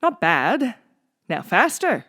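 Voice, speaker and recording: A reader voicing a stern, excitable male piano teacher in a book reading, issuing commands that swing from hushed to shouted. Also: mid-range voice, takes it slowly, no room sound, clean studio sound, full character voice. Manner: commanding, rising to frenzied shouting. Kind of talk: audiobook reading.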